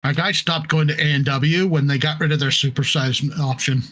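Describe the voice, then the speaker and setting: A man's voice: fairly high pitch, fairly even intonation, brisk, a bit bright. A man chatting on a podcast, grumbling and complaining with some swearing. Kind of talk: casual chat.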